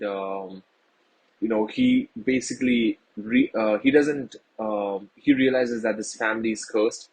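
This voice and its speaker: A man's voice: fairly low pitch, creaky, husky, rough recording. A man giving a casual, rambling film review to his viewers, earnest and full of fillers.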